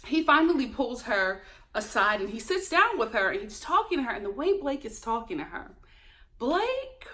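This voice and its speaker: A woman hosting a casual reality TV recap, talking in an animated, gossipy way and mimicking the cast. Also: medium pitch. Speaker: show recap host.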